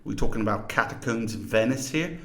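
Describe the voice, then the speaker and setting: A man's voice: medium pitch, brisk, faint music behind. A man teaching a lesson in scripted narration, explaining terms and demonstrating pronunciations aloud.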